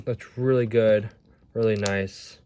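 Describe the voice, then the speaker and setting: A man's voice: lowish voice, fairly even intonation, takes it slowly, warm tone, slight background noise. A man casually reviewing action figures, rambling and stumbling over his words as he shows them off at home. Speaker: toy reviewer.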